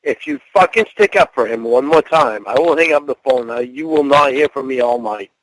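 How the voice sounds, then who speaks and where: A man's voice: medium pitch, normal speed, a bit bright, no room sound, low-quality recording. A man in a heated argument, angry and bitter, swearing and issuing ultimatums. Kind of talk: heated argument on a phone call.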